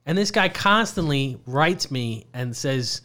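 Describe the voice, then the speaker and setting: A man's voice: medium pitch, expressive, slow, sharp tone. A man co-hosting a podcast in casual chat, ranting and swearing as he tells irritated stories. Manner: profane, ranting, irritated storytelling. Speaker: podcast co-host.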